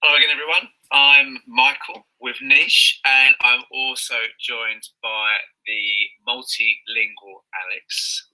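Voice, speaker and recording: A man's voice: medium pitch, fairly even intonation, slow, few pauses, bright, forceful tone, rough recording. A man hosting an online lesson, upbeat and enthusiastic in a casual chat. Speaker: host.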